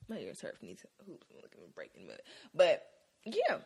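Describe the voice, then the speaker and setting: Animated woman recapping TV with laughs. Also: fairly low pitch, brisk, gravelly, slightly rough. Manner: animated, laughing, slangy storytelling. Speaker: podcast co-host. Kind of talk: casual TV recap chat.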